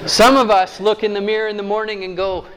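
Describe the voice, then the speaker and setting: A man preaching a sermon who reads scripture aloud slowly and then jokes with his listeners. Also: high-pitched, flat delivery, a crowd in the background.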